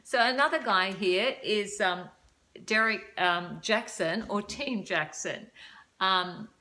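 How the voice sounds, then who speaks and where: Older woman, vlog dating advice, casual chat, bright tone, laughs a lot, self-deprecating. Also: medium pitch, slow pace. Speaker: vlogger giving dating advice.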